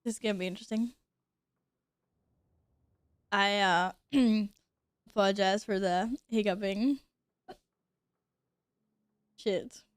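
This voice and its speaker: A woman's voice: medium pitch, fairly even intonation, slow, long pauses, clear, resonant tone, dry recording. A woman streamer with the hiccups, chatting casually while gaming, giggly, flustered and swearing now and then. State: has the hiccups.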